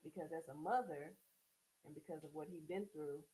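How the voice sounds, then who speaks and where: A woman's voice: low voice, moderate pace, dark tone, rough recording. An older woman, a guest, earnestly telling a personal story step by step. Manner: earnest, recounting events step by step.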